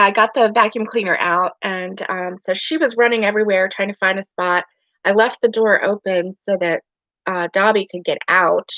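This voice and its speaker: A woman's voice: medium pitch, a bit bright, dry recording. Rambly woman chatting on her live stream at home, dry dull-sounding mic. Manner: chatty, rambling, laughs often. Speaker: livestream host. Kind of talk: casual live chat. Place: home bedroom.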